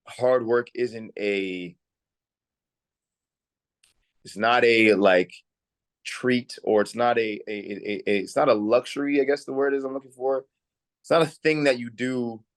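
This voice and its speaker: A man's voice: fairly low pitch, no room sound. A young adult man telling stories in a casual interview, chatty with lots of restarts. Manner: relaxed and chatty, frequent "like" and restarts. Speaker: actor, interview guest.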